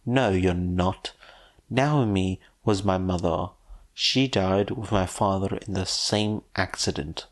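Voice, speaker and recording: Give me a man playing a blunt, exasperated young man, dry and sarcastic, speaking low and slow.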